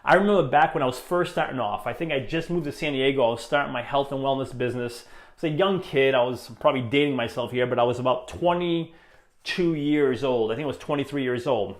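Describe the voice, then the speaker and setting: A man's voice: medium pitch, echoey room. A man in his thirties hosting a solo motivational podcast, talking in an earnest, encouraging way with lots of "you know" fillers. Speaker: podcast host.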